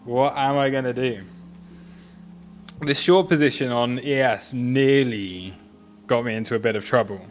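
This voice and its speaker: A man's voice: medium pitch, unhurried, long pauses, soft background music. A man hosting a live trading stream, talking casually and laughing at himself often. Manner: chatty, self-amused, laughs often. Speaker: livestream trading host.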